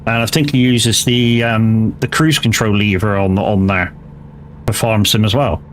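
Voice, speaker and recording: Chatty English man, low voice. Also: fairly even intonation, a little slow, a little hiss or hum. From England. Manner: rambling, chatty, swears freely. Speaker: gaming streamer. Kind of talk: casual chat while live-streaming a driving game.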